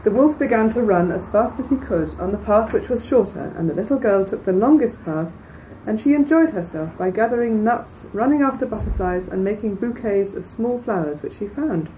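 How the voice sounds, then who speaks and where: A woman reading a classic fairy tale aloud in a measured, clear way, then commenting on it as a lecturer. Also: medium pitch, lively intonation, mellow. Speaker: reader and lecturer. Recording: distant mic, faint background noise.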